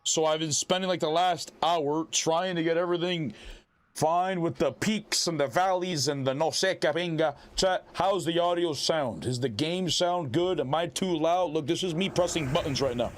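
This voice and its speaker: A man chatting casually with his live-stream audience, animated and loud, often shouting catchphrases. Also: fairly high pitch, normal speed.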